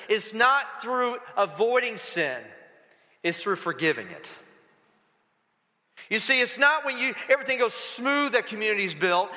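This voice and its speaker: A male pastor preaching a sermon in a church, animated and acting out little dialogues with the crowd. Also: high voice, big-room sound. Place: church sanctuary.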